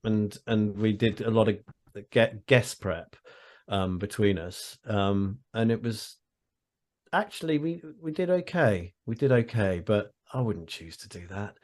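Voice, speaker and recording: A man's voice: lowish voice, animated, a little slow. Male guest, casual video-call chat, rambling and wry, self-interrupting. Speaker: guest, actor and audiobook narrator. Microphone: headphones on a video call.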